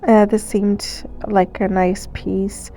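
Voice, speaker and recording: Stuffy-nosed woman, gravelly chatty voice-over. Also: mid-range voice, slow, soft background music. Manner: chatty, relaxed, with fillers and small laughs. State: stuffy nose. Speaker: thrift vlogger. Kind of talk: casual voice-over narration. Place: recorded voice-over.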